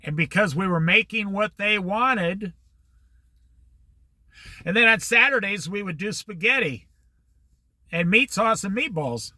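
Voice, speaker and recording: An older man spins a rambling story from his past, acting out both sides of old conversations as he goes. His pitch sits high for a man and swings widely from phrase to phrase. The tone is very bright and ringing, and the dry, close sound has no room echo at all. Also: expressive, measured pace, long pauses. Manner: rambling anecdotal storyteller, quotes people in conversation. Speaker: host. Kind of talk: casual storytelling monologue.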